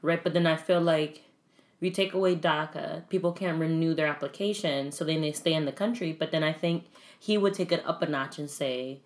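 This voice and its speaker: A woman's voice: low voice, normal speed. Chatty woman hosting a podcast. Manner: chatty, laughs while talking, acts out quotes. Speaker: podcast host. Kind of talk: casual conversation.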